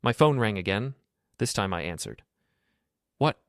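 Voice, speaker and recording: A man tells a first-person story in a calm, level, flat manner. His voice sits very low, and the recording is close and dry with no room sound. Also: normal speed, no echo. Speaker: narrator.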